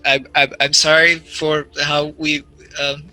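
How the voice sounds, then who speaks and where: Sheepish stammering man, voiced by a man in a tabletop game, quick and apologetic, somewhat high. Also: completely flat delivery, sharp tone, dry recording, faint music behind, rough recording.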